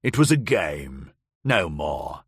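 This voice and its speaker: A man voicing a cruel middle-aged nobleman villain in an audiobook, with a low, slow, sneering menace. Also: very animated, husky, no room sound, studio quality, exaggerated voice. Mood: menacing sneer. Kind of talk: audiobook character voice.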